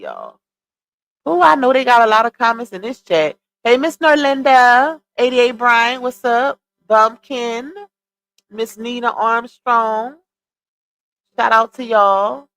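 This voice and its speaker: A woman's voice: a little high, fairly bright tone. A woman hosting a casual livestream, chatting with viewers, reading comments aloud and laughing often. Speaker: livestream host.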